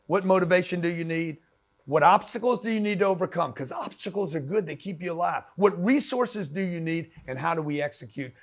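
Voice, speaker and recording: A man giving a blunt, slangy motivational talk, punchy and direct, often acting out quoted voices. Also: on the high side. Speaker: motivational business speaker.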